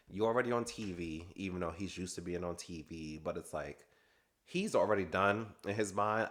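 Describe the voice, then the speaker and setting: A man's voice: low-pitched, fairly bright tone. A man chatting casually and gossiping through a reality TV recap, laughing often. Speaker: recap vlogger.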